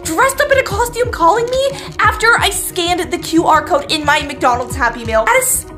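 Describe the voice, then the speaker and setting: Very high-voiced excitable young woman vlogger. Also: moderate pace, soft background music. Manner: excitable, dramatic, lots of "like". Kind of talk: scripted skit vlog. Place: home at night.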